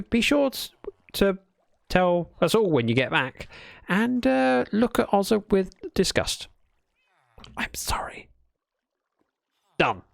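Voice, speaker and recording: A man's voice: on the high side, creaky, dry recording. A man chatting casually while livestreaming a building game, playfully telling dad jokes to his chat.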